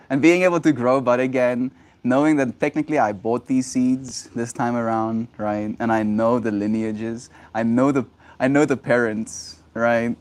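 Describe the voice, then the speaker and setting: A man hosting his own daily stream, high and rambling in a casual, halting way with many restarts. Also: a little mellow. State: high on cannabis. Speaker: livestream host. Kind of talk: casual solo stream chat.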